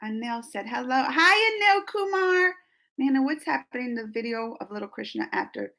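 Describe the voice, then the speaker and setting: A woman hosts a casual live-stream chat, reading viewer comments aloud and answering them. Her voice sits a little high and sounds very bright. She talks in an animated way, laughing and gasping often. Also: brisk, creaky. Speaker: reaction channel host.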